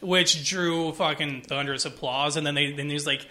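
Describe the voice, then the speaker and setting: A man co-hosting a casual chat, excitable and swearing freely as he riffs. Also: on the high side, moderate pace. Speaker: podcast co-host.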